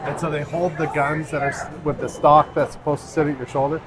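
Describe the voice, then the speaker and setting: A man hosting a casual live stream from his arcade, laid-back and quick to laugh. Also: fairly high pitch, flat delivery, slight background noise, poor audio. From Canada. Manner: laid-back, laughs often, reads chat aloud. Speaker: arcade owner and stream host.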